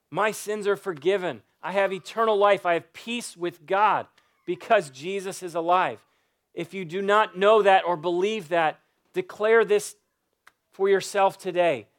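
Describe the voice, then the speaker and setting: A pastor with a fairly high voice, a man who preaches with earnest, pleading insistence. He drives his points home by repeating phrases, and his sermon moves into prayer. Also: unhurried, fairly bright tone. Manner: earnest, pleading, repetitive emphasis.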